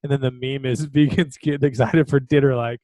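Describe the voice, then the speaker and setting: A man's voice: mid-range voice, steady tone, a little fast, a little mellow, no echo. Laughing man telling a story. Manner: storytelling with frequent laughs and fillers. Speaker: podcast co-host. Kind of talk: casual chat.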